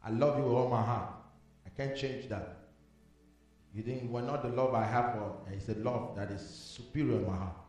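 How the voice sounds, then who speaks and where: A male pastor preaching a sermon and praying blessings, emphatic and repetitive, moving from soft talk to loud declarations. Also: mid-range voice, steady tone, normal speed, far from the mic. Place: church. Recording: echoey hall with music behind.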